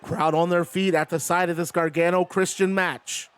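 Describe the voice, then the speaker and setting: High-voiced casual stream commentator. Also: male voice, little pitch movement, normal speed, fairly bright tone, clean tone, no echo. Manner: casual, chatty play-by-play. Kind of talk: live-stream game commentary.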